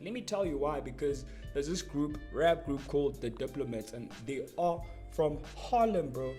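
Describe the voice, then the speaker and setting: Young man, high voice, slangy casual lyric breakdown, faint music underneath. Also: normal speed, few pauses. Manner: excitable, slangy, explains between quoted bars. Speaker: music commentator.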